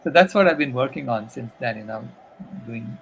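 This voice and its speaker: A man's voice: medium pitch, expressive, moderate pace, gravelly, slight background noise, rough recording. An older man telling a story as a guest, earnest and casual, with many fillers.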